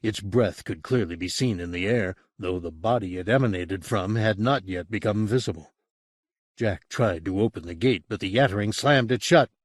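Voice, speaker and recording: A man reading a horror audiobook as narrator, in an expressive storytelling manner. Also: lowish voice, normal speed, no room sound, clean studio sound. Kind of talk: scripted narration.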